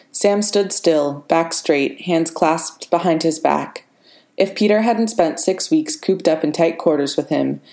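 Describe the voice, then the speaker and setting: A woman narrating a work of fiction aloud in an even, expressive reading voice. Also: deep voice.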